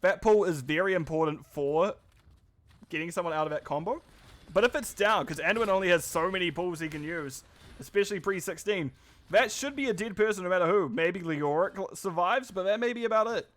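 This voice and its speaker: Male esports caster, New Zealand accent, slightly high voice, loose chatty play-by-play with joking asides. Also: brisk, a bit bright. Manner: chatty, self-deprecating, rambling asides. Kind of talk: live esports play-by-play commentary.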